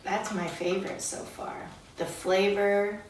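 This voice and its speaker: Slow, lively middle-aged mother in an echoey room. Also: mid-range voice. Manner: lively, laughs easily. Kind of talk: casual chat. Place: home kitchen table. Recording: roomy and distant with background noise.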